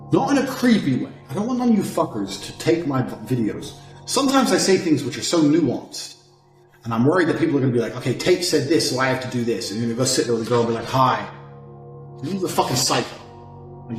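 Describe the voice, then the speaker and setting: Man, brash boastful lecturer, big swings in pitch and volume, roomy echo, faint music under. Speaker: self-styled dating and communication coach. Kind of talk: profane monologue course.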